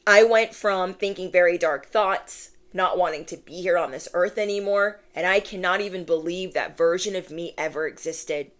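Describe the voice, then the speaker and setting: A woman's voice: lowish voice, normal speed, hardly any pauses. Emphatic woman giving a spiritual reading. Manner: emphatic, repeats phrases, playful slang. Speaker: intuitive tarot reader.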